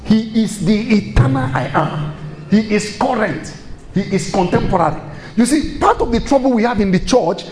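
A man's voice: sits high, darkish tone, roomy sound, slight background noise. A man preaching a sermon, firing rhetorical questions and chuckling as he goes.

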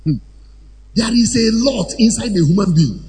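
Animated preacher man in a reverberant hall. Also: high voice, moderate pace, a little hiss or hum. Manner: animated, sometimes shouting and chanting phrases. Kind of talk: sermon. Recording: hall reverb with faint ambience.

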